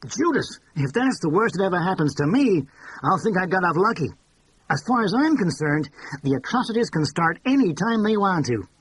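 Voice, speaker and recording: A man reading an audiobook, voicing a brash, blunt older woman who drinks cocktails and talks loudly. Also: high-pitched, sing-song, moderate pace, breathy edge, voice pushed up, exaggerated voice, low-quality recording. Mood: teasing. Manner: loud, brassy, drawling.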